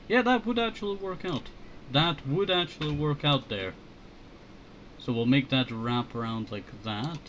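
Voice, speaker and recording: A man chatting casually while drawing on a headset mic, thinking aloud in a low-key mutter. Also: fairly bright tone, a little hiss or hum. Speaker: streamer.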